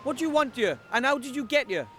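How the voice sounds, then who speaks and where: A man's voice: very high voice, expressive, fast, a bit bright, faint music behind. An actor playing a timid young male gnome wizard in a video game, nervous and stammering.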